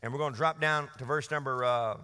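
A man's voice: mid-range voice, steady tone, brisk, sharp tone, smooth. A man preaching a sermon to a congregation, leading call-and-response. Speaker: pastor. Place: church hall. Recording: long church reverb.

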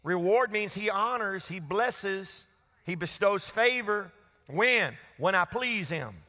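A man's voice: sits high, animated, takes it slowly, sharp tone. A man preaching a sermon to a congregation, leading call-and-response. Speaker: pastor. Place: church hall. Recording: long church reverb.

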